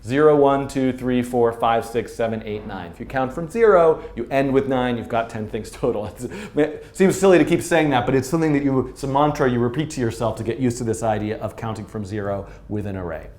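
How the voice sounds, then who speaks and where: A man's voice: mid-range voice, a little fast, hardly any pauses, darkish tone. Man, programming teacher, playful and self-mocking, thinks aloud, echoey room. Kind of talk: informal coding lesson at a whiteboard. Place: studio room with whiteboard. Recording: roomy echo.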